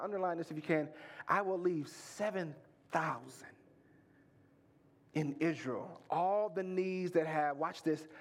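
A male pastor preaching a sermon, swinging between fervent rising passages and low, intimate stretches. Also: fairly bright tone.

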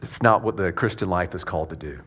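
A man's voice: low-pitched, fairly bright tone, husky. A man preaching a sermon in a conversational way, often repeating his words as he goes. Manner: conversational, repeats words, acts out quick quoted voices. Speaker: pastor.

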